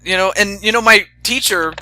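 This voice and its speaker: A man's voice: sits high, moderate pace, pushed and bright, slight background noise. A young man hosting a casual chat, rambling with stammering restarts and fillers. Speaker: host.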